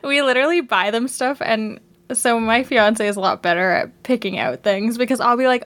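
A young woman with a fairly high voice chats about a show on a podcast. She is lively and opinionated and giggles often as she talks. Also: moderate pace. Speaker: podcast co-host. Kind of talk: casual chat recapping a show.

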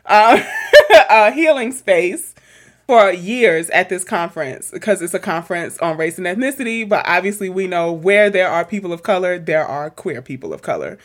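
Young woman podcast cohost, lively chatty therapist, laughs a lot, swears casually. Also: on the low side, normal speed.

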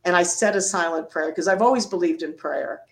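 An older woman recounts her career in a lively storytelling manner. She slips into the voices of the people she quotes, and her voice sits on the lower side. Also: fairly quick, rough recording. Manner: animated storyteller, acts out quotes. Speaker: guest, retired Navy doctor. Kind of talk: storytelling interview.

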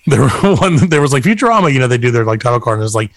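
A man's voice: medium pitch, big pitch swings, rapid-fire, dry recording. A man from the American South co-hosting a casual chat, joking and putting on voices for the people he quotes. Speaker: podcast co-host.

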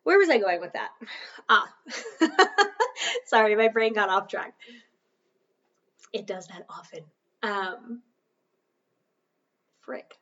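A woman's voice: mid-range voice, very animated, takes it slowly, pauses often, a bit bright, distant mic. Chatty woman podcast host, muffled sound. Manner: chatty, loses her train of thought and laughs it off. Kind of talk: casual self-help podcast talk.

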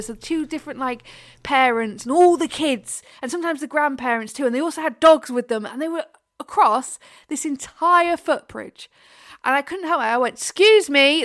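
A woman's voice: fairly high pitch, no echo, studio quality. Ranting woman podcast host. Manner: animated ranting, quick bursts of exasperation. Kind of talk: casual podcast chat.

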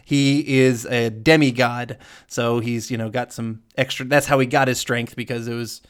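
A man co-hosting a casual podcast, animated and joking, laughing often as he talks. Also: medium pitch, normal speed, clear, resonant tone. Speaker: podcast co-host.

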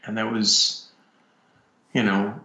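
A filmmaker speaks slowly and haltingly, stopping and restarting as he reflects. His voice sits low with a gravelly edge. The recording is roomy and a little dull. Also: steady tone, pushed and bright. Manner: halting, with frequent pauses and restarts. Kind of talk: personal reflection.

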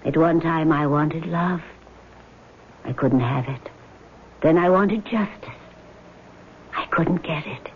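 Vengeful woman ghost, slow and measured, whispery, old radio play, tinny broadcast sound. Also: sits low, slightly rough, heavily acted. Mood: cold, menacing. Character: vengeful female ghost, cold and scheming. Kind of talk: 1970s radio drama acting.

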